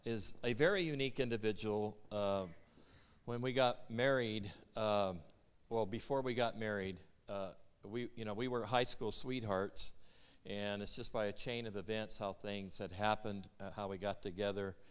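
A man who is a guest prophet, speaking in a casual sermon style, halting with many fillers and restarts. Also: on the low side, clean tone, in a large hall. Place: church sanctuary.

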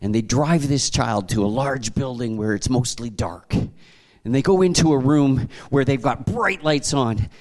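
A man from Canada preaching to a congregation, telling stories in a conversational, animated way with frequent restarts. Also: medium pitch. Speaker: pastor. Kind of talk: sermon.

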